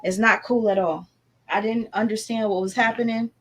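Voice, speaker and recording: A young woman speaks in a casual livestream. Her voice sits at an ordinary middle pitch. She talks in a chatty, emphatic way and slips into motivational pep talk. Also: fairly even intonation, moderate pace, a little hiss or hum. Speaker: livestreaming artist.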